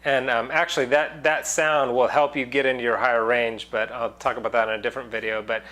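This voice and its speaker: A man's voice: mid-range voice, level tone, fairly quick, pushed and bright. A man teaching singing in a casual online lesson, explaining loosely with many fillers and breaking into sung demonstrations.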